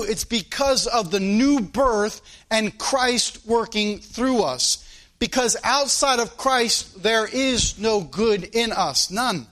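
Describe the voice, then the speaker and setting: High-voiced preacher delivering an emphatic sermon. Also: male voice, a bit bright. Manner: emphatic, rhetorical questions, repeats phrases.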